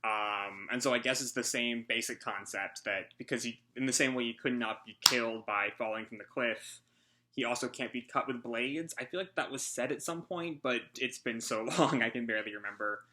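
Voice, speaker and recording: A man's voice: mid-range voice, normal speed, pushed and bright. A man hosting a casual live reaction, out of breath and rambling through a hesitant recap. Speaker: manga reaction host.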